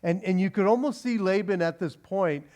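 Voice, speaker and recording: A man with a notably high voice teaches from scripture in a relaxed, animated sermon. He stumbles over and restarts phrases as he talks the passage through. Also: normal speed. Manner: animated, conversational, frequent restarts. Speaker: pastor. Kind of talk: expository sermon.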